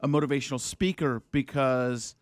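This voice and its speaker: A man's voice: medium pitch, fairly even intonation, normal speed, dry recording. A male comedian guest bantering on a talk show, laughing often and slipping into put-on accents.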